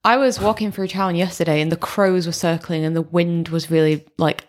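A woman's voice: on the low side, fairly even intonation, moderate pace. A young woman co-hosting a podcast in casual chat, telling stories in a chatty way. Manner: chatty storyteller. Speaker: podcast co-host.

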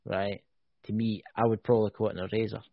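A man's voice: lowish voice, level tone, fast talker, gravelly, dry recording. A man with a Scottish accent hosting a casual podcast chat. He banters and teases, drawing words out when he explains. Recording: dull lo-fi sound.

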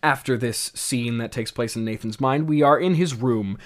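A man's voice: medium pitch, moderate pace. A young man hosting a podcast, rambling through casual, self-mocking commentary on a script he wrote as a teen, with many restarts and laughs. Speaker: podcast host.

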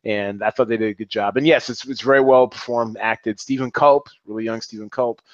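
A man's voice: lowish voice, fairly even intonation, a little fast, no room sound, dull audio. A man hosting a casual chat, talking in long rambling runs and laughing often.

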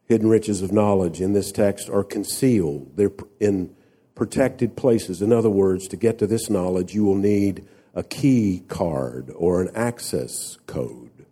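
A male preacher delivering a sermon at an unhurried pace. His voice is mellow and warm, and he leans on emphatic rhetorical questions to his listeners. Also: sits low, breathy edge. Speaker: pastor.

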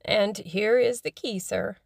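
A woman's voice: mid-range voice, takes it slowly, gravelly, no echo, clean studio sound. A woman reading an audiobook, voicing a fussy elderly housekeeper who frets and scolds. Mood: fussing. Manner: fretful, scolding.

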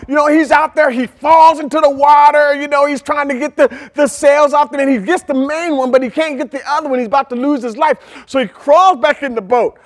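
A man preaching a sermon, telling a story in an animated, conversational way and breaking into shouted outbursts. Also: very high-pitched, fairly quick, hardly any pauses. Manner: conversational, with frequent "right?" asides to the congregation. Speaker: pastor.

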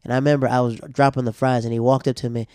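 A young man tells stories in a slangy, animated way in casual talk. He has a mid-pitched voice, and the sound is dry and close. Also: racing, smooth, no echo. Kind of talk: casual chat.

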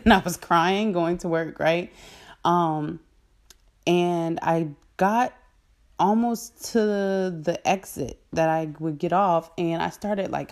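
Low-voiced woman telling her story. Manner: earnest and animated, with frequent "um" and "like" and laughs mid-sentence. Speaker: vlogger sharing a personal faith testimony. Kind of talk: casual spoken testimony to viewers.

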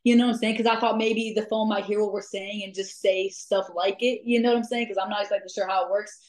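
A woman guest telling ghost-hunting stories in casual chat, lively, laughing often and filling pauses with "um". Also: medium pitch. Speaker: guest, amateur ghost hunter. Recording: echoey room.

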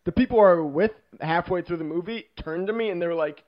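A man's voice: sits high, fast talker. A young man chatting enthusiastically in a casual movie discussion. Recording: dull lo-fi sound.

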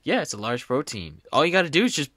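Bright-voiced young man, dry close mic. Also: a little high, very animated, fast talker, dry recording. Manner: laughing, incredulous, stumbling over words. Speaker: podcast host. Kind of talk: casual solo podcast chat reading aloud.

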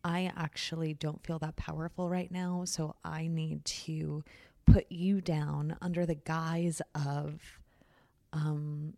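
A woman's voice: low-pitched, level tone, slow pace, vocal fry, dark tone, dry recording, studio quality. A woman talking frankly in a candid conversation, swearing freely and acting out what other people say. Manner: frank, swears freely, acts out quoted voices.

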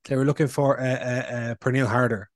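A man's voice: medium pitch, steady tone, no room sound, clean studio sound. Chatty man co-hosting a podcast. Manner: chatty, storytelling with filler pauses. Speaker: podcast co-host. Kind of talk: casual chat.

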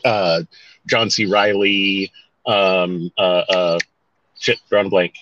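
A man's voice: deep voice, fairly even intonation, takes it slowly, fairly bright tone, slight background noise. A man co-hosting a podcast in casual chat, rambling and correcting himself as he goes, with some mild swearing. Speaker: podcast co-host. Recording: dull, dry home-mic sound.

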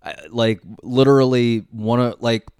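A man's voice: medium pitch, level tone, unhurried, a little mellow, clear, resonant tone, dry recording, clean studio sound. A young man co-hosting a podcast from a living room, chatting casually with lots of filler words and swearing. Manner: rambling, heavy filler words, swears often. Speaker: podcast co-host. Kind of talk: casual chat. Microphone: studio mic.

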